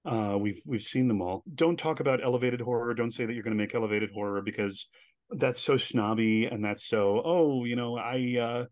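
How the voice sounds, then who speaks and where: A man as an interview guest, telling animated stories and acting out the voices of people he quotes. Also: lowish voice, brisk, no echo, clean studio sound. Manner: animated storyteller who acts out quoted voices. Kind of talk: casual storytelling interview.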